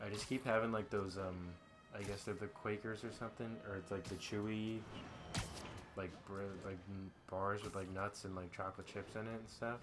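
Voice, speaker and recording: Young male let's player, rambling and casual; slightly low voice over game music. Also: flat delivery, moderate pace. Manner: rambling, filler-heavy, bursts into laughing fits. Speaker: let's play host. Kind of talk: casual gaming chat.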